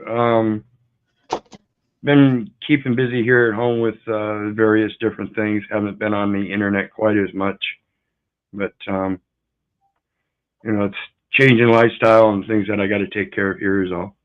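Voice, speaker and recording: A low-voiced man calling in to a live stream. He talks slowly and hesitantly, full of ums and pauses. His voice comes through a tinny, phone-like line. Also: level tone. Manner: slow, hesitant, lots of ums. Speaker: call-in guest. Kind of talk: casual live-stream chat.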